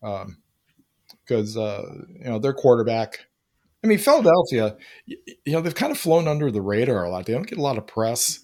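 A man co-hosting a writing podcast, talking in a thoughtful, unhurried way and searching for words. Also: mid-range voice, very animated, a little mellow. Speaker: podcast co-host. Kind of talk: casual chat.

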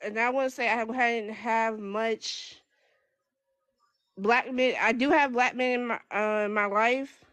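Stuttering young woman, halting speech. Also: a little high, fairly even intonation, fairly bright tone, clear, resonant tone, dry recording. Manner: stutters, halting, many restarts. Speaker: guest. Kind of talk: casual chat.

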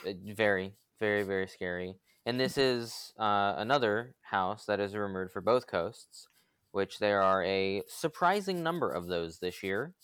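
A man co-hosting a podcast in a casual group chat, talking in a relaxed, rambling way with fillers. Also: fairly low pitch, measured pace, clear, resonant tone, dry recording. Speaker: podcast co-host.

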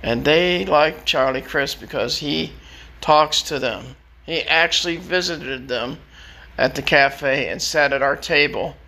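A man tells his stories casually, wandering from one to the next and repeating himself often. His voice is a little high and bright, with a gravelly rasp running through it. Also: takes it slowly. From Florida. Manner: rambling, repeats words, chuckles often. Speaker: storyteller. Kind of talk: casual personal storytelling.

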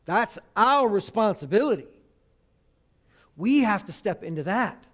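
A man preaching a sermon on marriage, swinging from loud emphasis to hushed, intimate tones. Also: high voice, lively intonation, a little slow.

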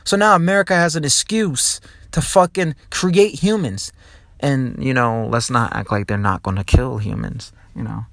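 A young man from New Jersey hosting his own podcast, ranting in a profane, rambling and excitable way. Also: mid-range voice, normal speed, gravelly, dry recording, clean studio sound. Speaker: podcast host. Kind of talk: casual podcast monologue.

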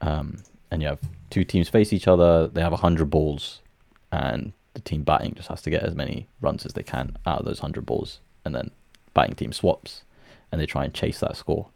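A man's voice: very deep voice, steady tone, moderate pace, vocal fry, few pauses, a little mellow, dry recording. A man co-hosting a podcast, telling a story in an upbeat, laid-back way with plenty of fillers. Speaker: podcast co-host. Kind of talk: casual chat.

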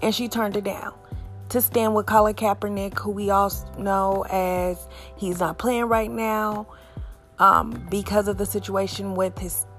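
A young adult woman giving a blunt, profane, animated opinion rant to her viewers. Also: medium pitch. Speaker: vlogger.

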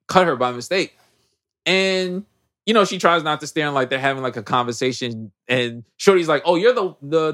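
A man co-hosting a podcast, recapping a movie in casual slangy chat and acting out the characters' lines. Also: mid-range voice. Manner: animated slangy storytelling, acts out characters' lines. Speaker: podcast co-host.

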